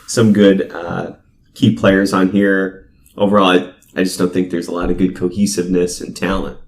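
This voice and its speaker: A man's voice: low-pitched, flat delivery, normal speed, echoey room. A man co-hosting a podcast, laid-back and agreeable, talking casually with many fillers. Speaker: podcast co-host. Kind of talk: casual chat. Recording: distant mic with faint noise.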